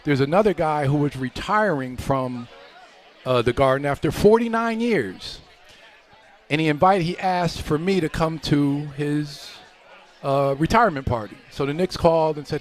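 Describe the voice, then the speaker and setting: A middle-aged former pro basketball player, guesting on a live radio show, tells long anecdotes in a relaxed way. He speaks a little high at a moderate pace and acts out the voices of people in his stories.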